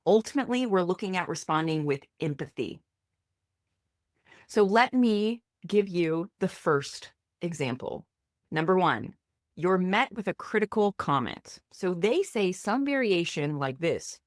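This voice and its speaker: A woman gives a faith-based lesson to camera, speaking as a therapist and coach. Her pitch moves a lot, rising and dipping as she stresses points, and she talks in a direct, encouraging, plain-spoken way. The sound is close and dry, with hardly any room around it. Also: sing-song, unhurried, no echo.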